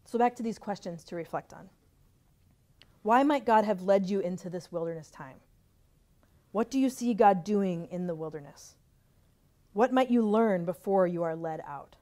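A woman giving a sermon in a gentle, reflective way, often trailing off softly at the ends of phrases and telling a personal story. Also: mid-range voice, normal speed, long pauses. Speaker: pastor.

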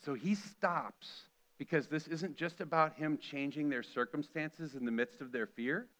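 A man's voice: on the high side, a little slow, a bit bright. A middle-aged man preaching a sermon earnestly, acting out the quoted lines with feeling. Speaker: pastor.

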